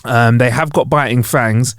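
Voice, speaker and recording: A man's voice: medium pitch, fairly even intonation, measured pace, dry recording, clean studio sound. A man co-hosting a podcast, joking and swearing in casual banter. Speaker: podcast co-host. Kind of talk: casual chat.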